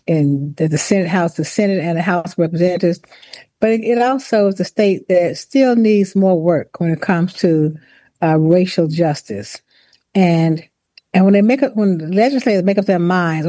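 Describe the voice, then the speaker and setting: A woman telling her story in an interview, speaking deliberately, with restarts and the odd laugh. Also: fairly low pitch, dark tone, no echo. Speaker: former university president, author. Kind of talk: interview, personal account.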